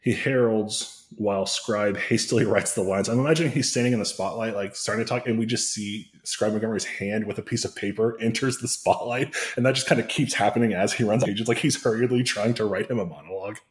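A man's voice: lowish voice, steady tone, brisk, hardly any pauses, slight background noise. A man co-hosting a podcast, narrating a parody story in a casual comedic way, with asides and chuckles.

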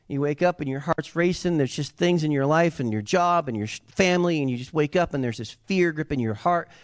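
Brief: male preacher, slightly high voice, animated sermon, dry close sound. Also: no echo. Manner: animated, swinging from soft asides to yelling. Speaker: pastor.

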